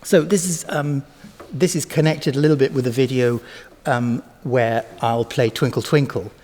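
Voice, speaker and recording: A man's voice: medium pitch, steady tone, moderate pace, darkish tone. A man teaching music to camera, musing aloud with many ums and self-corrections and sounding out rhythms with syllables, playing a cello between phrases. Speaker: cellist and teacher. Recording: long hall reverb with cello.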